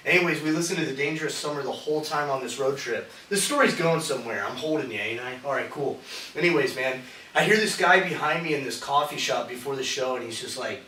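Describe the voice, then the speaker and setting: A man's voice: mid-range voice, fast, bright, forceful tone. Profane rambling man telling a story. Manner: rambling, profane, says "dude" constantly. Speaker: podcast co-host. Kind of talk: casual storytelling chat. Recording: roomy, distant mic with hiss.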